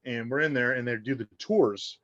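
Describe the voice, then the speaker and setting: A man's voice: medium pitch, moderate pace, no room sound, lo-fi sound. Middle-aged storytelling man from Indiana. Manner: animated storyteller, acts out quotes. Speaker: podcast guest. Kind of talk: casual chat.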